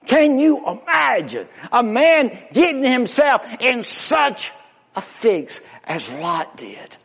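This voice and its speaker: A man preaching a sermon with an emphatic, drawn-out pulpit delivery. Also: very high voice, sing-song, creaky, husky.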